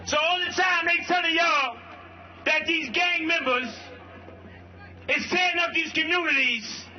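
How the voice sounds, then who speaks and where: A man from Brooklyn giving a protest rally speech, shouting call-and-response lines in street slang. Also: very high voice, unhurried. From Brooklyn, New York. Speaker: rally speaker, violence-prevention worker. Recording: lo-fi livestream with crowd. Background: faint crowd.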